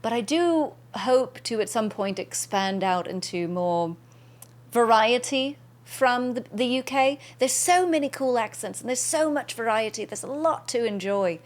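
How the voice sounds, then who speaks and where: Young female streamer, bubbly and appreciative, slightly high voice. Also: expressive, a little slow. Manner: bubbly, thanks chatters by name often. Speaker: game streamer. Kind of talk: casual chat with viewers.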